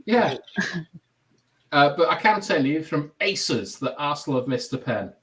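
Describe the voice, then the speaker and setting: A man's voice: a little high, expressive, unhurried, a bit bright. A man hosting a fan podcast in casual chat, teasing and exasperated. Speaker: podcast host.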